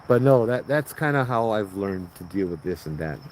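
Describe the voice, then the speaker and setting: A man's voice: lowish voice, darkish tone, a little hiss or hum, poor audio. A man with a Hawaiian Pidgin accent, from Hawaii, telling ghost stories in a loose, laughing, slangy way outdoors at night by a road. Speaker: ghost story host. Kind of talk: casual storytelling livestream.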